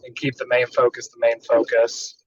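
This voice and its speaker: Flat-toned earnest man agent. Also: medium pitch, dry recording. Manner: measured, earnest, explains step by step. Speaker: real estate agent on a training call. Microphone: video call. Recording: dull, dry call audio.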